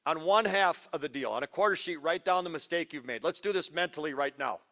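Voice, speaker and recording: A man's voice: fairly high pitch, brisk, pushed and bright. A man giving a punchy, teasing workshop talk to a live audience of parents, quizzing them as he goes. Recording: live hall with long reverb.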